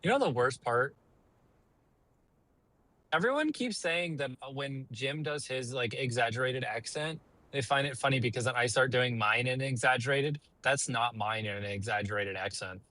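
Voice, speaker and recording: A man streaming a video game with friends, explaining things at length with halting restarts. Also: mid-range voice, sharp tone, no echo, poor audio. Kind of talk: casual gaming chat. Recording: game vehicle noise underneath.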